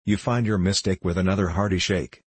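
A man's voice: sits low, fairly even intonation, brisk, slightly rough, no echo. A man voicing an earnest Methodist preacher who pleads and sermonizes with righteous indignation in an old-fashioned storybook. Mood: indignant.

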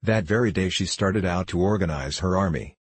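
A man reads a children's fantasy book aloud, keeping an even, steady storytelling pace. His voice is very low and husky. The recording is dry and close, with no room sound. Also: brisk, no room sound. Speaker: narrator. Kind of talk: audiobook narration.

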